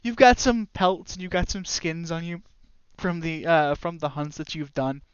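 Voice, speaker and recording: A game master narrating a tabletop game in a rambling style. His voice is high and smooth. The recording is dull and lo-fi, with a dry sound. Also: moderate pace, no echo. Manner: rambling, full of fillers and restarts.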